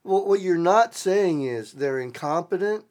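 A man's voice: sits high, animated, a little slow, a little mellow. A man telling stories in a casual interview, blunt and profane, often stammering and repeating words. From Louisiana. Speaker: interview guest.

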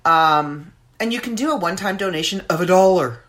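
A woman's voice: fairly low pitch, expressive, a little fast, fairly bright tone, soft background music. A woman hosting her own podcast in casual, rambling chat, with many fillers. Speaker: podcast host.

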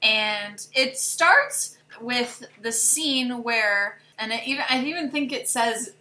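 A woman's voice: a little high, takes it slowly, bright, forceful tone. A woman co-hosting a podcast, chatting casually about films and eagerly recapping scenes in detail. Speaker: podcast co-host. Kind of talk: casual film discussion. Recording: echoey room.

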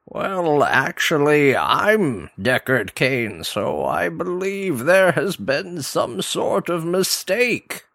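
A man's voice: on the high side, very animated, takes it slowly, creaky, few pauses, fairly bright tone, no room sound, clean studio sound, exaggerated voice. A man playing a meek male impostor in a comic sketch, hesitant and flustered. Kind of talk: comedic phone-in sketch.

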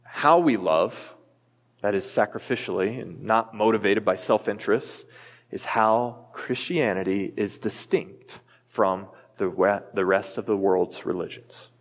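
A pastor delivering a sermon in a church, earnest and emphatic, with the odd light aside to the congregation. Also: male voice, lowish voice, measured pace. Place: church sanctuary. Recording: long reverb from a large hall.

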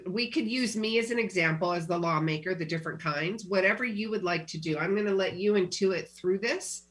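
A woman's voice: fairly low pitch, a little fast. A woman hosting a podcast interview, speaking in an encouraging way and addressing her listeners directly. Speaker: podcast host.

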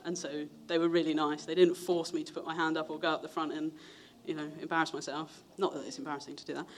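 A man's voice: little pitch movement, quick pace, slight background noise. A young man, telling his testimony in a sermon in a chatty way, acting out the voices of people he quotes. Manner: chatty storytelling, acts out quoted voices with big pitch jumps. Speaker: preacher.

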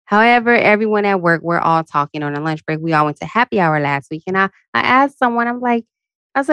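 A woman hosting her own podcast, venting candidly about being tired and worn out. She jumps up into high, animated asides when she quotes herself. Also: fairly quick, dry recording, studio quality. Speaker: podcast host. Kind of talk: casual solo podcast rant.

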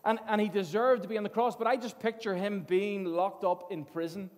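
High-voiced preacher in a reverberant hall. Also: male voice, steady tone, brisk. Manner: earnest storytelling, repeats words. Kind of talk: sermon.

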